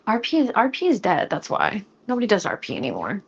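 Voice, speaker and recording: This young woman's medium-pitched voice swoops wildly and carries vocal fry, heard through dull audio with a faint hiss or hum. She's cooking on a live stream, close to a studio mic, chatting playfully and joking with her viewers. When flustered, her pace quickens.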